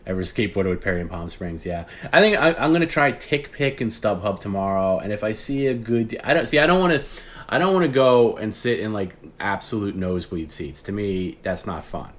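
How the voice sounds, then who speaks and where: A man's voice: fairly low pitch, expressive, brisk. A man hosting a livestream, telling a rambling story in casual chat, acting out phone calls and swearing often. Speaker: podcast host.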